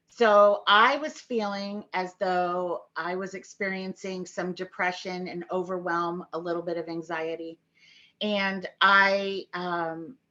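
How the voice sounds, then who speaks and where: A middle-aged woman speaking candidly and haltingly about grief, with many fillers, in a personal talk to camera. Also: mid-range voice, a bit bright, highs cut off. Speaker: grief vlogger.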